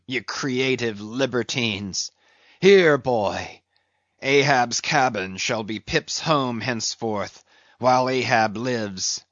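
A man's voice: mid-range voice, fairly bright tone, dry recording. A man voicing a brooding, grandiose old sea captain in a radio play, declaiming solemnly and barking sudden orders. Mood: grieving. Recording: dull, dry lo-fi recording.

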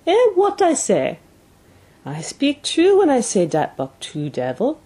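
A reader voicing an excitable French-Canadian male dog driver in a storybook, with a thick dialect and a boastful, shouting delivery. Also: mid-range voice, measured pace, voice pushed up.

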